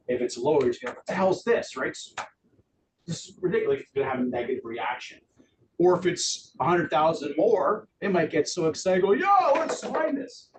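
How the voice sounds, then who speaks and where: A middle-aged man giving a lively live training talk to realtors in an office, acting out quotes in voices. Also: mid-range voice. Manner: animated, acts out quotes in voices. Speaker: real estate trainer. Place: office meeting room. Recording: distant room mic with background noise.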